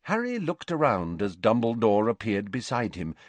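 Man, audiobook narration, expressive storytelling, lively pitch, mid voice, dry close mic. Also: normal speed, no echo. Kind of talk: scripted narration.

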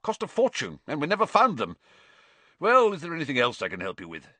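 A man voicing a flustered, impatient middle-aged bookshop manager who talks briskly and excitably, read for a storybook. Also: mid-range voice, no echo, pitched above the performer's own voice. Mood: exasperated.

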